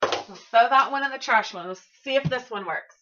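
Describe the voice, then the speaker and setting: A woman teacher giving an early-grade classroom lesson to camera, sing-song and encouraging, speaking slowly for young children. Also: on the high side, bright, forceful tone, lo-fi sound.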